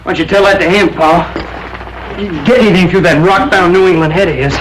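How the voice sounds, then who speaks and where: A man's voice: high-pitched, quick pace, a little hiss or hum, lightly acted, rough recording. An actor playing a cocky youngest ranch son who teases his older brother. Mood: teasing. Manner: teasing, playful.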